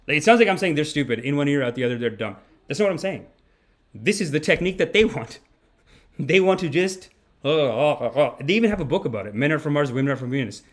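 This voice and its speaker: Rambling mock-preacher man, slightly high. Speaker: podcast host. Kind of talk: comedic mock-sermon livestream.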